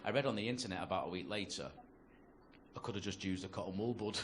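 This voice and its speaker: Performing stand-up in a comedy club, this North-West English man speaks quickly in a low voice with a Northern accent. He tells sweary, conversational stories into a handheld mic, and the noisy live recording picks up audience laughter.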